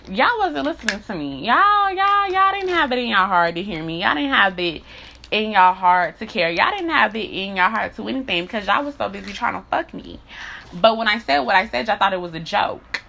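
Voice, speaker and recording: A woman's voice: medium pitch, lively intonation, moderate pace, vocal fry, bright, forceful tone. A woman talking bluntly in a candid monologue, swearing often, repeating herself and building into heated rants. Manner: profane, blunt and repetitive.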